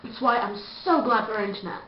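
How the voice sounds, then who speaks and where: A woman's voice: fairly high pitch, brisk, slight background noise. A woman, vlogging a chatty, self-mocking rant to camera. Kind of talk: casual comedic rant to camera. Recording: dull lo-fi echoey room sound.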